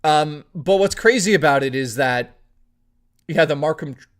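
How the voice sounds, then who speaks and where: Man telling a lively, profane story. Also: on the high side, normal speed. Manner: animated, swearing freely, rambling with restarts. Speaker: streamer. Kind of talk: casual storytelling on a live stream.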